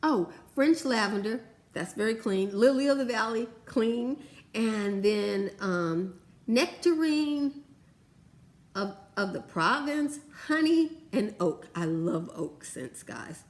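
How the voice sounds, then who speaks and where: Gushing, chatty woman vlogger. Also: takes it slowly. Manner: chatty and gushing, lively swings in pitch. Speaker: beauty vlogger. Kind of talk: casual product review chat.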